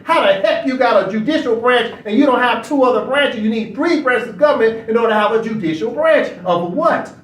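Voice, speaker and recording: A man with a very high voice hosts a study session and lectures in a casual, preachy way. He keeps circling back with rhetorical questions. He sits well back from the mic in a room that rings with echo. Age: adult. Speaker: online study session host. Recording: echoey room, far from mic.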